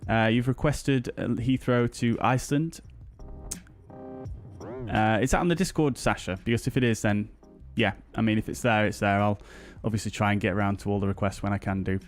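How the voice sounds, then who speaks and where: A man's voice: on the low side, fairly even intonation, brisk, faint music behind. A British man streaming a flight simulator, chatting casually and greeting his viewers one by one with plenty of ums and uhs. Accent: British English. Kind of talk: casual live-stream chat.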